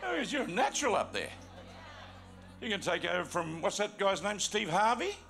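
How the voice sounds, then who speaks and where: Jovial high-voiced Australian preacher. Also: male voice, normal speed, vocal fry. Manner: jovial, teasing, excitable. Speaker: guest pastor. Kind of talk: sermon opening with banter. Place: large church auditorium with congregation. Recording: live church recording with crowd noise. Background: congregation noise.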